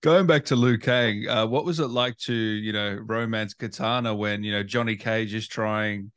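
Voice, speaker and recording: A man hosting a casual interview, easygoing and quick to laugh. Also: lowish voice, fairly even intonation, a bit bright, clean tone. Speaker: podcast host.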